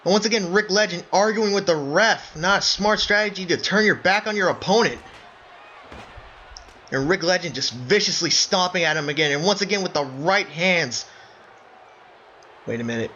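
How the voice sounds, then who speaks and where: A man doing excited play-by-play wrestling commentary, breaking into shouts of surprise and calling his listeners folks. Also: sits high, moderate pace. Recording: dull lo-fi recording with faint noise.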